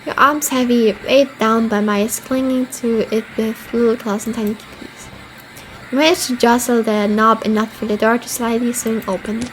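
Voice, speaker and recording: High-pitched woman streamer reading game text aloud between swearing reactions, faint noise behind. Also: fairly even intonation, normal speed, poor audio. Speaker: streamer playing a horror game.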